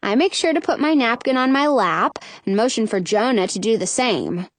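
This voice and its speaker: A woman reading a first-person children's story aloud with expressive storytelling. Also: fairly high pitch, moderate pace, no echo. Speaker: audiobook narrator.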